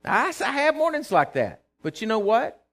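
High-voiced fervent preacher man. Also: very animated, normal speed, a bit bright. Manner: fervent, calls for responses from congregation. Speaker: pastor. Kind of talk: sermon.

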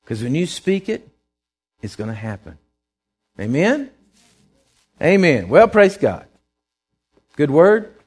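A middle-aged male preacher giving a sermon, telling stories and swinging from quiet asides to loud, emphatic lines. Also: a little high, very animated, takes it slowly, long pauses, husky.

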